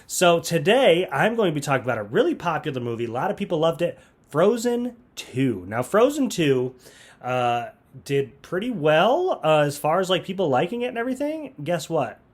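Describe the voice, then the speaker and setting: A man's voice: a little high, very animated, normal speed. A man giving a comedic, grumpy movie review monologue with sarcastic, rambling asides. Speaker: youth ministry comedy reviewer.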